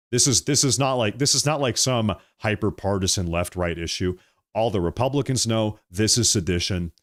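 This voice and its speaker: A man hosting political commentary, ranting heatedly and firing off repeated rhetorical questions. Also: lowish voice.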